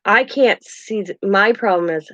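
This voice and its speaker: A woman's voice: medium pitch, a little slow, fairly bright tone, dry recording. An older woman hosting a craft channel, chatting in a rambling, meandering way at home and chuckling often. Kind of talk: casual rambling chat. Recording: dull dry lo-fi sound.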